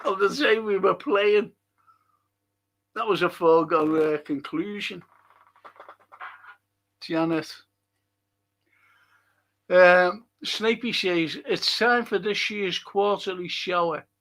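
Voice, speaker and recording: A man runs a casual livestream and chats his way through viewers' comments. His voice sits a little high and has a gravelly rasp. He talks slowly and rambles, with the odd curse thrown in. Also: a bit bright. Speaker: livestream host reading viewer chat.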